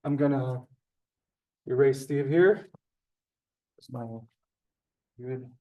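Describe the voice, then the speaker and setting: A man's voice: mid-range voice, slow pace, narrow, tinny audio. A man teaching a classroom language lesson, explaining step by step with many ums and asides. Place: synagogue classroom.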